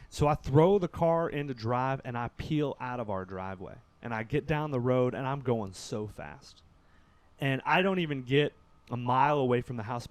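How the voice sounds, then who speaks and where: Animated young man. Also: mid-range voice, no echo. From Kentucky, USA. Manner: animated, acts out quotes, laughs through the telling. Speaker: podcast guest. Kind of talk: casual storytelling on a podcast.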